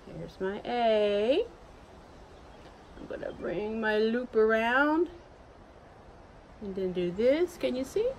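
A woman teacher leads young children through a phonics lesson, sounding out each letter slowly and in a sing-song way. Her voice sits fairly high, and her pace stays unhurried. A faint hiss runs under the recording. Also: animated. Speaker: elementary school teacher.

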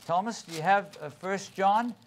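High-voiced pastor leading a Bible study. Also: male voice, normal speed, a little hiss or hum. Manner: explanatory, calls on readers by name, quotes and repeats verses. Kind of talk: interactive Bible study teaching.

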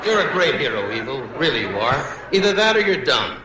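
A man doing an insult comedy roast with needling, mock-insulting jabs and sudden loud asides, recorded as an archival clip in a large banquet hall. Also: mid-range voice, sing-song, fairly quick, very noisy. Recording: archival clip with roomy echo, loud laughter.

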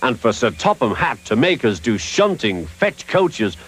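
A man's voice: mid-range voice, sing-song, unhurried, breathy edge. A man voicing a proud, pompous male engine who speaks in a haughty, sniffy way.

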